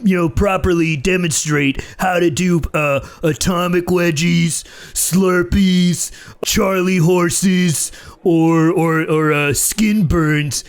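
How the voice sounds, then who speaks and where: A man's voice: sits high, fairly even intonation, slow, smooth. A man role-playing a tabletop game character in a smug, joking way.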